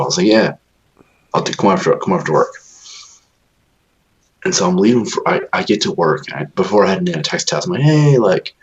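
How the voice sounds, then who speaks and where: A man's voice: low voice, dull audio. A man co-hosting a podcast, telling long profane stories in casual chat and acting out what others said. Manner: profane rambling storytelling, acts out quoted voices. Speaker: podcast co-host.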